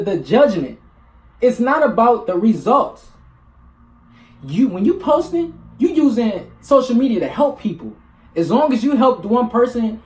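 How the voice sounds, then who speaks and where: A vlogger talking to camera in a loose, rambling, blunt and profane monologue. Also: mid-range voice. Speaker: spiritual vlogger. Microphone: camera mic. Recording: echoey room.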